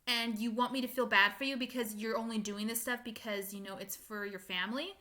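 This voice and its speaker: A young woman ranting casually to her viewers, animated and exasperated, with frequent laughs and fillers. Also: on the high side, a little fast. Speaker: fan vlogger. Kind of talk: casual rant to camera.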